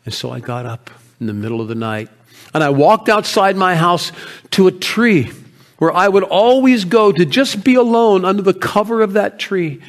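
Grieving shepherd guy from old bethlehem, played by a man, emotional, goes hushed a lot, voice on the higher side. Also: animated, moderate pace. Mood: earnest. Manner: emotional storytelling, drops to hushed tones. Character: grieving proud male shepherd of ancient Bethlehem. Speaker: actor in a dramatic monologue. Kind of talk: first-person biblical character monologue.

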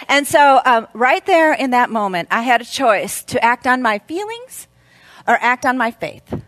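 A woman in her fifties speaking at a women's church event, telling a story in an animated way and laughing often. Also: high voice, normal speed, dry recording.

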